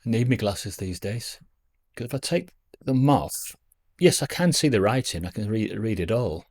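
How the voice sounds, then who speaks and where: A man's voice: lowish voice, lively intonation, moderate pace, a little mellow, husky. A man, chatting to camera at home in a rambling, self-deprecating way as a vlogger. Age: 50s. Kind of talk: casual reminiscing to camera. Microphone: camera on a stand.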